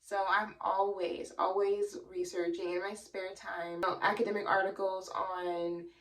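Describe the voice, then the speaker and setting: A woman's voice: medium pitch, flat delivery, unhurried, far from the mic. A young woman who works as a psychiatric nurse, explaining in a chatty, earnest way with a lot of "you know". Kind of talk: casual educational explainer.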